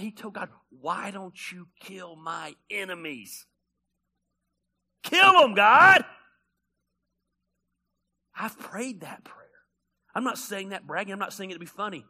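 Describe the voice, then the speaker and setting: A male pastor preaches a sermon in a high voice, animated and conversational. He's blunt and joking, swinging between loud bursts and quiet asides.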